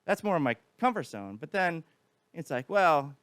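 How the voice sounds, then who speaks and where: A man, a podcast guest, chatting casually and telling animated stories with acted-out quotes. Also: fairly high pitch, normal speed, smooth, dry recording. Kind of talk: casual chat.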